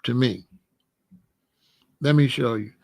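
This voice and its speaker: Gravelly-voiced man giving casual advice. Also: mid-range voice, slow pace. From Chicago area. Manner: animated, conversational, repeats and restarts. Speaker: vegan lifestyle host.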